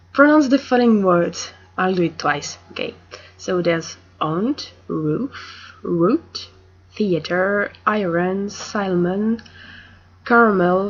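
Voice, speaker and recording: Young woman, French accent, husky voice, unhurried, hesitant, dull lo-fi recording. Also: medium pitch. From France. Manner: hesitant, soft-spoken, with filler pauses. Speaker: vlogger. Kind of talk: casual talk to camera.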